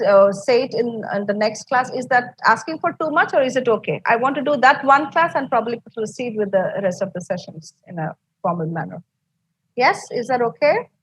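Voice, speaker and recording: A woman with an Indian English accent leads an online English lesson, patient and encouraging, with a lot of fillers. Her voice sits a little high and sounds slightly husky. The recording is dry and close. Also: no room sound, rough recording. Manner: encouraging, explains step by step, many fillers. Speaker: English teacher. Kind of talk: online class lecture.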